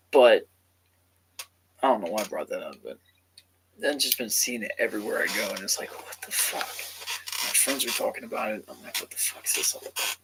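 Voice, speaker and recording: A man's voice: mid-range voice, heavy background noise. Laid-back, foul-mouthed man in his thirties. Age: 30s. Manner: profane, rambling, laid-back. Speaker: gaming vlogger. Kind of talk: casual rambling chat to camera.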